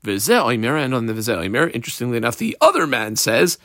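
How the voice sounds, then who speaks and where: A man's voice: mid-range voice, very animated, fast talker, few pauses, fairly bright tone, no room sound, clean studio sound. A man giving a casual Talmud lesson, reading Aramaic phrases and explaining them in English. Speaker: Talmud teacher.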